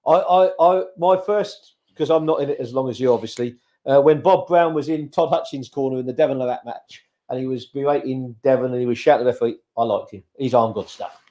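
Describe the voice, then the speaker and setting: A man co-hosting a casual livestream chat, enthusiastic and quick with short words of praise. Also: medium pitch, warm tone. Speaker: arm wrestling promoter and co-host.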